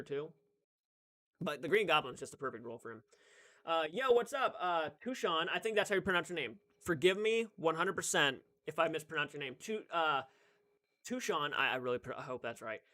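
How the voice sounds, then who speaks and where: A man's voice: medium pitch, sharp tone. Chatty young man hosting a live stream. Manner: chatty, greets viewers by name, frequent restarts. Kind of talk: casual live stream chat.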